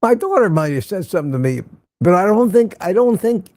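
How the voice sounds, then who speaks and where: A man's voice: high-pitched, big pitch swings, brisk, warm tone, no room sound. An older man hosting a casual morning livestream, greeting viewers by name and rambling sarcastically. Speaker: livestream host.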